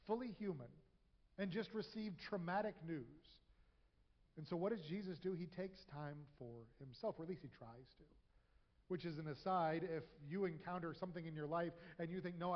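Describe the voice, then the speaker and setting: A pastor giving a conversational sermon in a church, sometimes acting out quoted voices with humor. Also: male voice, sits high. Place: church sanctuary. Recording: echoey hall, dull lo-fi sound.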